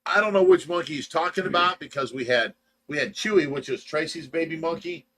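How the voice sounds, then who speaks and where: A man's voice: on the high side, fairly quick, a bit bright. An older man co-hosting a casual livestream, teasing his son and laughing often. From United States. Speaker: livestream co-host.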